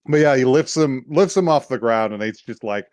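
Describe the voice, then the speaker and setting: A man's voice: mid-range voice, lively intonation, moderate pace, darkish tone, dry recording. A man hosting a podcast, recapping an anime episode in loose, profane, laughing chat. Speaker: podcast host.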